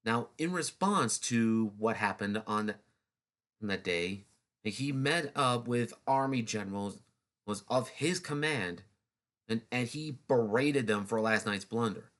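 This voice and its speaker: Man, casual history narration, mid-pitched voice, restarts, wry asides. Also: expressive, unhurried, fairly bright tone. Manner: loose and chatty, with many restarts and snarky asides. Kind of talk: casual unscripted history talk.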